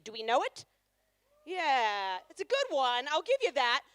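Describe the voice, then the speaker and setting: A woman's voice: high-pitched, a bit bright, clear, resonant tone, no echo. A woman performing a live stand-up comedy set on stage, chatty and sarcastic, teasing the crowd.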